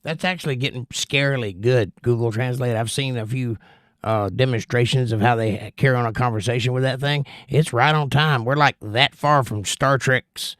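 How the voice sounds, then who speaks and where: A man's voice: mid-range voice, fairly even intonation, moderate pace, fairly bright tone, dry recording, clean studio sound. Chatty male livestream host. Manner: chatty, reads viewer comments aloud and rambles in reply. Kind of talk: casual livestream chat.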